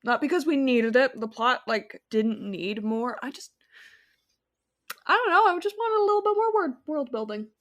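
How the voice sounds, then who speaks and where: Rambling higher-voiced woman podcaster. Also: animated, moderate pace, fairly bright tone. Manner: rambling, self-correcting, many fillers. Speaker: podcast co-host. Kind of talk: casual podcast chat about a film.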